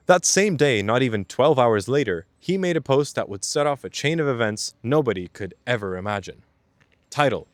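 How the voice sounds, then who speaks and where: A man's voice: mid-range voice, lively intonation, normal speed, dry recording. Young man narrating with wry asides. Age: young adult. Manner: wry, with casual joking asides. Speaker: video essay host. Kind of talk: scripted video essay narration.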